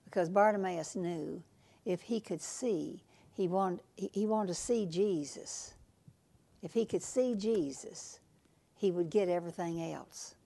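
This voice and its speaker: This woman preacher's voice is fairly low and dark, gravelly with a creak, and her sermon moves at an unhurried, deliberate pace. Repetition is how she hammers her points, and for asides she sometimes lowers to almost a whisper.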